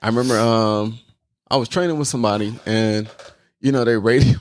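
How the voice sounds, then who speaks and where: A man's voice: mid-range voice, steady tone, brisk. A young man co-hosting a podcast, telling rambling, repetitive anecdotes in casual chat. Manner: rambling anecdotes, repeats words, laughs while telling. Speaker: podcast co-host.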